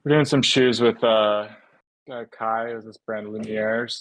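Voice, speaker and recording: A man chatting casually as a podcast guest, halting and laid-back, full of fillers and restarts. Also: on the low side, steady tone, fairly bright tone, no echo, rough recording. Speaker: podcast guest, shoe designer. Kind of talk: casual chat.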